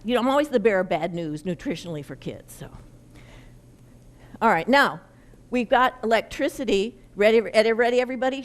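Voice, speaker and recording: A middle-aged woman giving a lively, folksy workshop talk to parents on nutrition and the brain, leading the audience in gestures. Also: medium pitch. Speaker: nutrition educator presenting to parents.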